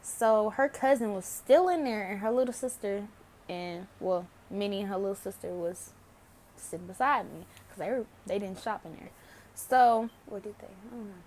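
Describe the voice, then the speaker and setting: A woman's voice: mid-range voice, moderate pace, a little mellow, a little hiss or hum. A young woman vlogging to camera, telling a story casually, laughing often and swearing freely.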